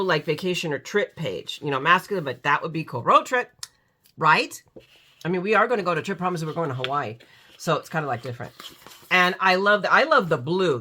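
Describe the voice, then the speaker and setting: A chatty woman with a stuffy, runny nose, gushing over each piece she unboxes. Her voice sits a little low but sounds bright and forward, and she rambles in an excited, casual way. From United States. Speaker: craft channel host.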